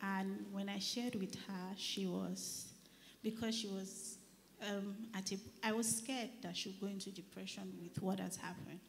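A woman with a Nigerian accent giving an earnest church testimony, often dropping to a near whisper before rising loud again. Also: medium pitch, fairly even intonation, a little slow, creaky. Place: church service. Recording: reverberant church hall, faint noise.

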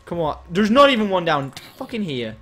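Pitched high and sing-song, this young man's voice comes out brisk, pushed and bright, with a slight hiss or hum underneath. He hosts a gaming channel, bantering and teasing casually mid-game and now and then venting frustration.

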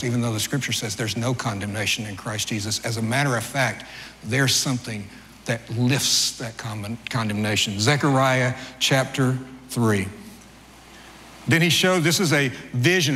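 A man's voice: fairly bright tone, slight background noise. Man, middle-aged pastor, conversational sermon, storytelling, long church reverb. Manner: conversational storytelling preacher, rises in pitch for acted dialogue. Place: church sanctuary. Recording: long church-hall reverb, faint ambience.

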